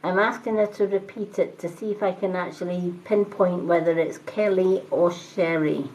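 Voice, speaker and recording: A woman doing live-stream tarot readings, talking calmly and reassuringly and greeting viewers by name. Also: on the low side, moderate pace, muffled recording. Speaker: tarot reader and medium.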